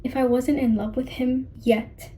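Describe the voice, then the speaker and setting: A young woman chatting casually in a reading vlog, gushing as a fan and often dropping to a hushed, whispery voice. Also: high voice, steady tone, measured pace, breathy edge, poor audio. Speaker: book vlogger.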